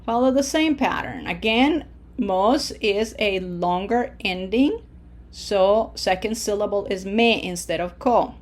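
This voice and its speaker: A woman gives a recorded Spanish lesson at an unhurried, careful pace. She speaks in a medium pitch, patient and encouraging. She models each word slowly for her learners to repeat. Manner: slow, patient, drills with repetition. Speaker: Spanish teacher.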